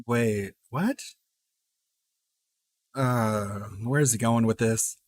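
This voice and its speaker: A man's voice: mid-range voice, extremely slow. A man streaming live and reacting to a video with joking, teasing asides.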